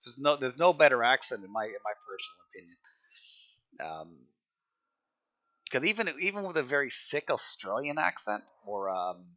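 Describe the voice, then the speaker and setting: A man's voice: medium pitch, very animated, normal speed, pushed and bright, lo-fi sound. A man chatting casually on a live game stream as a server admin, rambling, repeating himself and often laughing.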